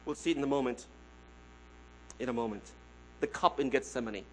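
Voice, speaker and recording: A man preaching a sermon, swinging from hushed tones to loud emphasis and repeating phrases as he addresses his listeners as friends. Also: mid-range voice, fairly quick, a little hiss or hum, low-quality recording.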